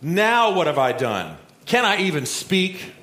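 A man voicing a fed-up teenage younger brother, whining and complaining in a high, rushed voice in a roomy space. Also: big pitch swings, bright, forceful tone, heavily acted. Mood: whiny. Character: whiny teenage boy, fed-up little brother. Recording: roomy echo.

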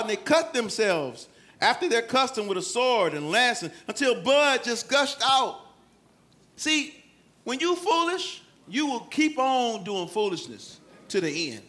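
A man preaching a sermon, swinging from loud, dramatic calls to quiet, low scripture reading. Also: very animated, measured pace.

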